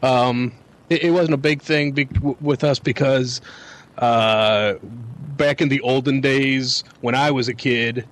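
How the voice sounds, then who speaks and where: A man of middle pitch reminisces at an easy pace on a casual podcast. He pauses on ums and uhs and swears now and then as he drifts through his memories. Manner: relaxed reminiscing with fillers. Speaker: podcast co-host. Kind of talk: casual chat.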